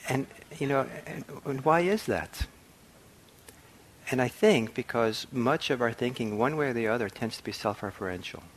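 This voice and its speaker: A middle-aged man giving a meditation talk, reflective and soft-spoken, pausing often with ums and restarts. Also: mid-range voice, animated, slight background noise. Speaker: meditation teacher. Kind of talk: dharma talk. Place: meditation hall.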